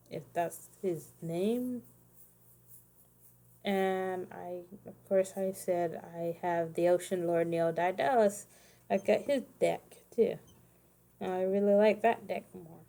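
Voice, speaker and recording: Woman in her thirties, tired casual streamer, rambling chatty delivery, mellow middling voice. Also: medium pitch, vocal fry. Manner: rambling, self-correcting, chatty asides. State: tired, yawning. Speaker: streamer making custom cards. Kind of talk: casual livestream chat.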